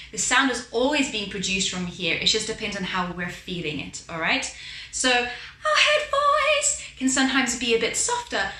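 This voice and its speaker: Woman vocal coach, bright clear voice, keeps saying all right, echoey room with faint instrument. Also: mid-range voice. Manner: explains patiently, often checks in with "all right". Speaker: vocal teacher. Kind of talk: instructional talk with sung demos.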